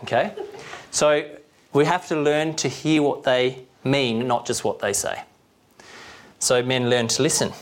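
A man's voice: medium pitch, steady tone, measured pace. A man preaching a sermon in a conversational way, often asking the listeners questions.

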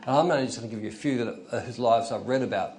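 A man's voice: mid-range voice, rapid-fire, a little mellow, a little hiss or hum. Older man preaching a folksy sermon. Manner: conversational, storytelling, chuckles, rises to emphatic bursts. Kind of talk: informal sermon.

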